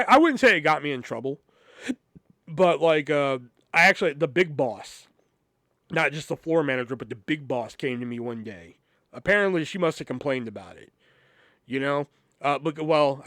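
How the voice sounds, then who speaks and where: A man's voice: on the high side, fairly bright tone, dry recording, studio quality. A man hosting a podcast, telling work stories in a casual, profane, rambling way and acting out the people he quotes. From Iowa. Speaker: podcast host. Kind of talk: casual storytelling.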